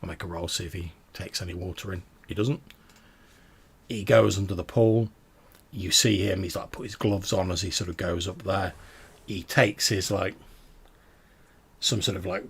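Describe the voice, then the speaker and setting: A man's voice: low-pitched, creaky, a bit bright, husky. A man narrating a tabletop game as game master, talking casually with many fillers. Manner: casual, many fillers, puts on brief character voices.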